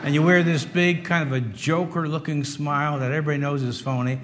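A man in his sixties preaching a sermon in a conversational way, with wry humor, moving between loud emphasis and quiet asides. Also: a little high, fairly even intonation, a little fast, crowd noise. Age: 60s. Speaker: pastor.

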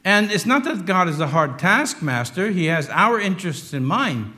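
A man in his sixties preaching a sermon in a conversational way, with wry humor, moving between loud emphasis and quiet asides. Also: sits high, very animated, moderate pace. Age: 60s. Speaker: pastor.

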